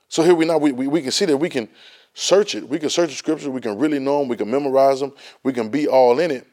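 A man's voice: mid-range voice, fast, a little mellow. A man teaching a Bible study class, emphatic and folksy, often repeating words as he restarts a thought. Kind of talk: Bible study lesson, preaching.

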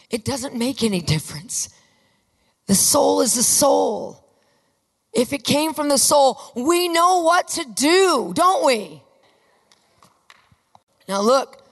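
A woman with a fairly high voice preaches a sermon with fervent conviction. She often builds to emphatic, near-shouted lines. Her voice rings out with the long reverb of a large hall.

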